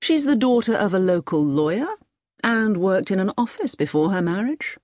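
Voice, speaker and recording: A woman voicing a weary male security official in an audiobook reading, measured and level. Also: mid-range voice, expressive, a little mellow, no room sound, studio quality, lightly acted.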